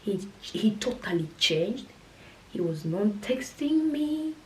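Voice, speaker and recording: A young woman vlogger in a casual storytime vlog, chatty and animated, often dropping into hushed whispers. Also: mid-range voice, slow pace, a little hiss or hum, low-quality recording.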